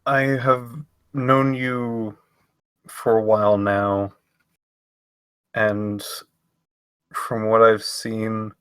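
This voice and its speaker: A man doing halting, earnest Patrick. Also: on the low side, level tone, a bit bright, clear, resonant tone, dry recording. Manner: halting, stumbling over words.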